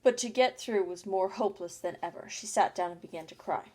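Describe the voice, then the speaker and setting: A woman narrating a storybook in a plain, unhurried reading with small slips. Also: medium pitch, dark tone. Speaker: audiobook reader.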